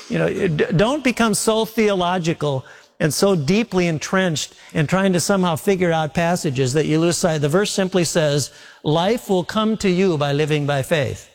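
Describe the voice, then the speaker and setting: A man preaching a sermon with homespun stories, slowing down to lean on scripture. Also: high voice. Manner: folksy storytelling preacher, slows down for scripture. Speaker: pastor.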